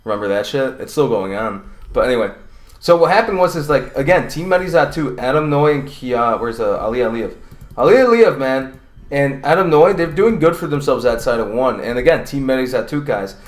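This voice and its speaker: A man's voice: mid-range voice, lively intonation, a little fast. A man giving a casual, profane and rambling recap of combat sports fights. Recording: roomy echo.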